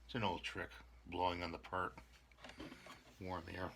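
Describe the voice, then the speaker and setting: A man's voice: sits low, flat delivery, a little slow, very noisy. A man hosting a casual hobby repair vlog, rambling and talking to himself as he glues models together. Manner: rambling, talks to himself while gluing. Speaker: channel host repairing models.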